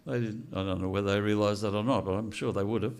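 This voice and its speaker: A man's voice: lowish voice, steady tone, fast talker, darkish tone, clear, resonant tone. An older man giving a blunt, unscripted speech to an audience and asking rhetorical questions. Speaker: speaker at a political launch event.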